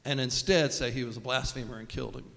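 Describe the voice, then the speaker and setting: The pastor's mid-range voice is fast, creaky and a bit bright, with fairly even intonation, as he delivers a humorous, conversational sermon and mimics the people he quotes. The long reverb of the church sanctuary surrounds him.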